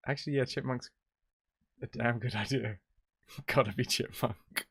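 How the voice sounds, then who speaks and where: A man's voice: medium pitch, unhurried, vocal fry, long pauses, a bit bright, slightly rough, dry recording, clean studio sound. A man streaming a game, chatting casually and rambling with jokes as he plays. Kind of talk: casual gameplay commentary.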